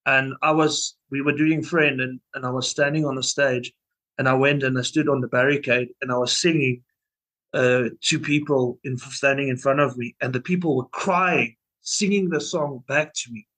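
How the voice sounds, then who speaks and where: In a casual interview, a young man from a band rambles through stories with plenty of restarts and fillers. At normal speed, his mid-range voice stays fairly even in intonation and fairly bright, though the recording quality is low.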